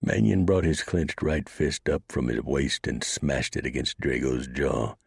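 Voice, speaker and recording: A man narrating a western audiobook in a steady, measured storytelling voice. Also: rumbling low, vocal fry, breathy edge, dry recording, studio quality.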